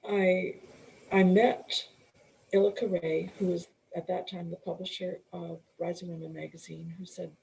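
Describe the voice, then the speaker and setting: A middle-aged woman, a coach and author, telling her story as a guest in an interview, earnest and unhurried, often restarting and clearing her throat. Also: on the low side, level tone, darkish tone, rough recording.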